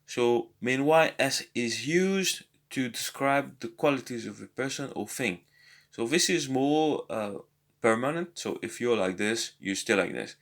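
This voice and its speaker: A man's voice: mid-range voice, expressive, unhurried, a bit bright. Hesitant man teaching a language lesson. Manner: hesitant, many fillers and restarts. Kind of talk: casual spoken lesson.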